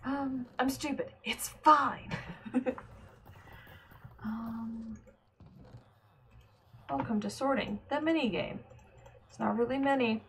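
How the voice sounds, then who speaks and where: A woman's voice: on the high side, slow pace, pauses often, a little hiss or hum. A woman streamer casually talking to herself while playing, muttering, trailing off and often half-whispering. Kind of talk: casual gameplay commentary.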